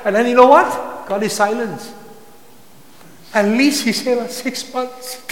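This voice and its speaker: A man preaching a sermon with passion, sometimes rising to loud cries. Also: very high voice, measured pace. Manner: impassioned, rising to shouts when voicing psalm cries. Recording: echoey hall with long reverb.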